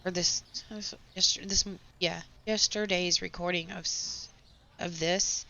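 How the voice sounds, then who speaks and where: A woman, hoarse with her voice nearly gone, chatting and venting sarcastically while playing a game. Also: lowish voice, fairly even intonation, slow, bright, forceful tone. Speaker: gaming channel host. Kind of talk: casual gameplay chat with storytelling. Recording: slightly dull home recording with faint background noise.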